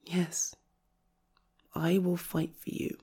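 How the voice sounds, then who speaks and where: A young woman speaking straight to the listener in a comfort role-play, fiercely protective and indignant, with exasperated sighs and moments that drop to a soft near-whisper. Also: fairly low pitch, flat delivery, slow pace, husky. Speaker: audio role-play creator.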